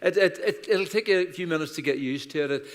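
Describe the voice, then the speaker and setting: Here a guest pastor from Ireland, in his sixties, jokes about himself through chatty sermon stories. His voice is fairly high and fairly quick, ringing through a reverberant church hall.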